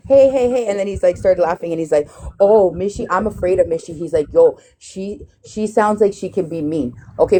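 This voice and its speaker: A woman with a slightly low voice hosts a heated live chat. She talks bluntly, swears freely and retells conversations with animated quotes. She sounds like she is in her thirties. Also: slight background noise. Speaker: live stream host.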